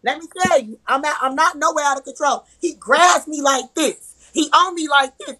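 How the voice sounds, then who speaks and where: A woman's voice: high voice, moderate pace, sharp tone, no echo, low-quality recording. A woman telling a heated personal story, emphatic and profane, acting out the arguments she quotes. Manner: profane, repetitive. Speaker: live-stream guest.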